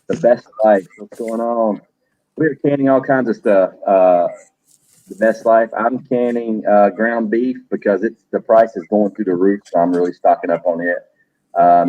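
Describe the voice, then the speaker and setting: A man's voice: fairly low pitch, no room sound, phone-quality sound. A middle-aged man hosting a livestream, chatting loosely, cursing now and then and greeting viewers by name. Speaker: livestream host. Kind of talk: casual livestream chat.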